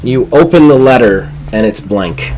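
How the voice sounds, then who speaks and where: A man narrating as game master of a tabletop game, telling the scene with lively energy and fillers. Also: mid-range voice, normal speed, faint music behind. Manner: animated storytelling with many fillers.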